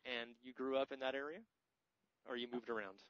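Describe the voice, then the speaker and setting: A man's voice: mid-range voice, steady tone, a little fast, a bit bright, no echo. An American man hosting a podcast in casual, joking, rambling chat. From United States. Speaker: podcast host. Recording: dry, slightly muffled podcast audio.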